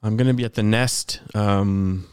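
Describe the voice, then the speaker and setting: A man's voice: on the low side, fairly even intonation, a little slow, darkish tone, clean tone. A man, a comedian, chatting casually on a podcast and telling rambling stories. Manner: rambling anecdotes, acts out quoted people.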